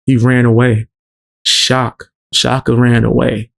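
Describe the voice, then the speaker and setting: A man with a gravelly, fry-heavy voice hosts a stream. He talks offhand and slangy, in a mid-range pitch. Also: fairly even intonation, normal speed, darkish tone. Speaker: host. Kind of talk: casual stream commentary.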